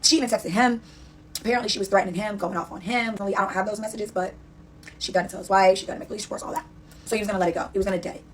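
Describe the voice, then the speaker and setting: A woman casually telling a story in an animated way, acting out quotes with "da, da, da" fillers. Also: mid-range voice, rapid-fire, slight background noise. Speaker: storyteller recounting a dispute.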